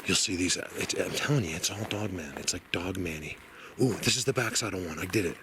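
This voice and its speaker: A man walking through a forest and talking to his camera, rambling and excitable with lots of fillers, a bit out of breath. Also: deep voice, brisk. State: slightly out of breath. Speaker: outdoor video blogger. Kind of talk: casual walking commentary. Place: outdoors in a forest. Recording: noisy outdoor field recording.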